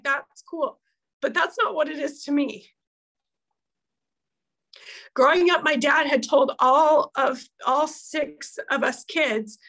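A woman's voice: high-pitched, fairly bright tone, low-quality recording. A woman in her thirties giving an emotional, heartfelt pep talk to her team, earnest and open, close to tears at times. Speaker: team leader at an accountability meeting.

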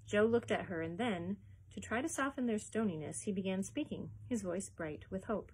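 A woman librarian reading a children's chapter book aloud in a steady, expressive storytelling voice. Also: mid-range voice, normal speed, slightly rough, poor audio.

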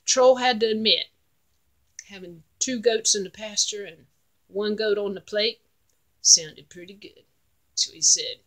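A woman's voice: medium pitch, takes it slowly, sharp tone. A woman with a Southeastern North Carolina accent telling a folk tale in a folksy, drawling manner with dialect grammar. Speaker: storyteller.

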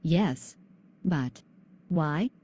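A female student voicing a young schoolgirl who is bullied, speaking softly and earnestly in a class video. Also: low voice, animated, extremely slow, exaggerated voice. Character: young bullied albino schoolgirl, sad and gentle.

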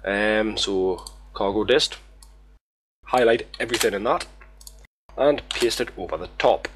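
A man's voice: on the low side, expressive, unhurried, pauses often, slight background noise. A man talking through a game tutorial in a casual, rambling, sweary way, poking fun at himself. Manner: rambling, sweary, self-mocking. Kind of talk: casual screen-recorded tutorial.

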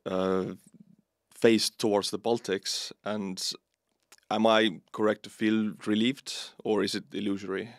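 Estonian accent podcast host, kinda low voice, chatty and straight to the point, dry mic. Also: male voice, flat delivery, measured pace, no room sound. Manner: friendly and direct, personal asides. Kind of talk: casual interview hosting.

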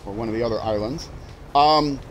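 A man's voice: medium pitch, a little fast, fairly bright tone, slight background noise, poor audio. A man streaming a game, chatting casually as he plays, musing aloud and restarting his sentences. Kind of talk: casual gameplay commentary.

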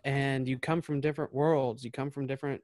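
A man's voice: mid-range voice, steady tone, a little fast, a little mellow, no echo. Earnest, rambling man, dry close sound. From small-town Southern Indiana. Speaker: podcast host. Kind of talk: casual podcast chat.

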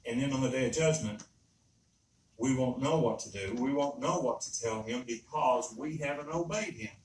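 Earnest preacher in an echoing church. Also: male voice, medium pitch, moderate pace, a little mellow, a little hiss or hum. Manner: earnest, emphatic, repeats himself. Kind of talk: sermon. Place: church sanctuary. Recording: roomy echo, speaker far from mic.

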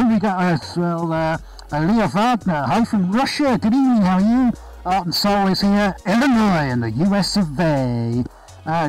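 A man with a slightly high voice chats through a live painting stream in his studio, upbeat and friendly as he greets viewers by name. Soft music plays faintly in the background. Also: rough recording. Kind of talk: casual live-stream chat. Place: art studio, indoors. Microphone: body-worn chest camera.

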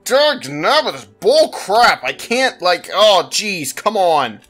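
A man narrating his gameplay in an unhurried, drawn-out delivery. His voice sits high and bright, and he keeps exclaiming in exasperation, with laughs and sighs breaking through. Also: very animated, faint music behind. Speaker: gaming channel host. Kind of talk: let's play commentary.

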